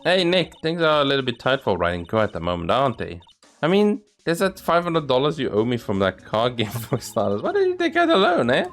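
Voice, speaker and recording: A man's voice: huge pitch swings, a little fast, a bit bright, faint music behind. A man doing a perky, teasing girl sidekick. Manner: high, teasing, playful.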